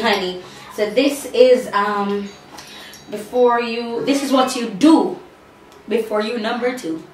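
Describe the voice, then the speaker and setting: A woman's voice: mid-range voice, fairly bright tone. A woman vlogging in casual chat, showing what is in her bag, with sassy asides to viewers. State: out of breath. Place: room at home with a fan. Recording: echoey room, far from the mic, faint hum.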